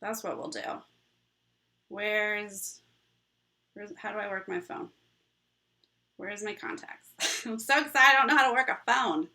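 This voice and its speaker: Bubbly bright-voiced woman host. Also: mid-range voice, unhurried, pauses often. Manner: bubbly and rambling, laughs often. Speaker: livestream host. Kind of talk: casual live chat with viewers.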